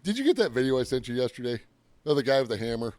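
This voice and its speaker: A man's voice: mid-range voice, big pitch swings, rapid-fire, darkish tone, no room sound. A man co-hosting a podcast, telling rambling shop stories in casual chat and laughing often. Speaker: podcast co-host.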